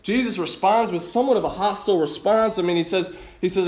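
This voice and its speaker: A man's voice: high-pitched, fairly quick, roomy sound. A man preaching a sermon as pastor in a conversational, emphatic way, often restarting his phrases.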